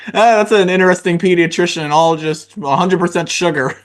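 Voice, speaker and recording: A man's voice: high voice, brisk. Man hosting a casual interview. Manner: hesitant, many fillers and restarts. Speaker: podcast host.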